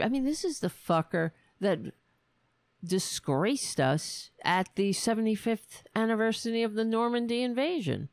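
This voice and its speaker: Drawling, gravelly-voiced woman ranting. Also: mid-range voice, a little mellow, no room sound, studio quality. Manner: sarcastic, profane, exasperated. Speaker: political commentary host. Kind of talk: casual political rant.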